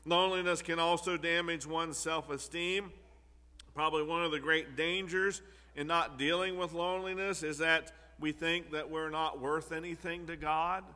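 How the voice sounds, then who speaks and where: Male preacher, earnest sermon delivery, forceful tone, long hall reverb. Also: a little high, steady tone, moderate pace. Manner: earnest, repeats key phrases for emphasis.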